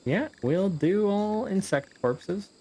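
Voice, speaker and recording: A man's voice: high-pitched, expressive, slow, dark tone. Rambling, joking man narrating his gameplay. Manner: rambling, joking, swears casually. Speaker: gameplay video host. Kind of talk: casual gameplay commentary.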